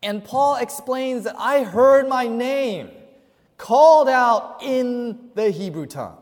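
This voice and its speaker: A male pastor preaching a sermon, asking his congregation questions and swinging between loud emphasis and hushed, quiet passages. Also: very high-pitched, expressive, slow. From Chinese family. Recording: hall reverb.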